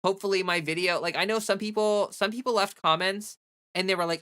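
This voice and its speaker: A woman's voice: medium pitch, fast talker. A woman hosting a casual livestream, talking animatedly with lots of fillers and restarts as she rants and reads chat. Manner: animated, heavy use of "like", frequent restarts. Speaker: livestream host.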